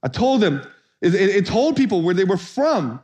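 A man preaching a sermon as pastor, energetic and playful, calling on the congregation to answer back. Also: high-pitched, moderate pace.

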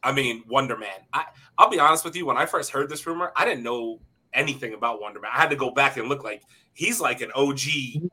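A man co-hosting a podcast in casual chat, animated and swearing freely, often laughing. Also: mid-range voice, fast talker, slightly rough. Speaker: podcast co-host.

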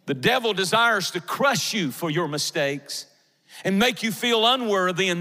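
A man preaching a sermon as pastor to a congregation, passionate and building up to shouts. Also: high-pitched, animated, a little slow. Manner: impassioned preaching, swelling to shouts. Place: church sanctuary with a congregation. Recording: long reverb of a large hall.

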